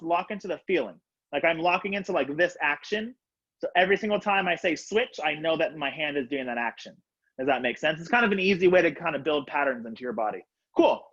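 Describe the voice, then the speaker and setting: A young man teaching a color guard class over a video call from his home, upbeat and casual, counting out loud and coaching students by name. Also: fairly high pitch, husky. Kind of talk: live online class instruction. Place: home room, on the floor. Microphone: laptop webcam on a video call. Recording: dull lo-fi video call audio.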